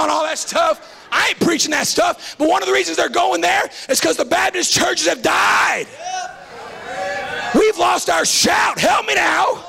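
Male preacher, fiery revival sermon, very high voice, gravelly edge, shouts and repeats himself. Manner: shouting, repeats lines for emphasis, call-and-response. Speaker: visiting preacher. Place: church sanctuary.

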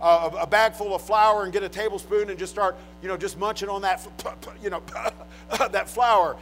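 High-voiced emphatic man preaching a sermon. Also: low-quality recording. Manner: emphatic, swinging from hushed to loud, joking.

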